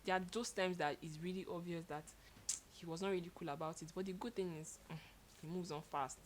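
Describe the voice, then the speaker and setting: A young woman telling stories in a casual chat with her partner, expressive and animated, laughing as she goes. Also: fairly low pitch, a little fast, a little hiss or hum. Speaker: co-host.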